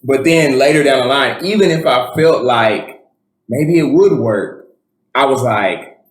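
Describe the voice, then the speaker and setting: A man talks casually as a podcast co-host, circling his point with fillers and restarts. His voice sits at an ordinary middle pitch, and the recording carries a noticeable room echo. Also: expressive, measured pace. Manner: rambling, many fillers and restarts. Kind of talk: casual chat. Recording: roomy echo.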